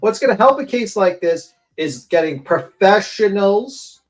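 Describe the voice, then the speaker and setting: A man with a fairly high-pitched voice rants bluntly through livestream commentary. His opinions come out heated and laced with profanity. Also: low-quality recording.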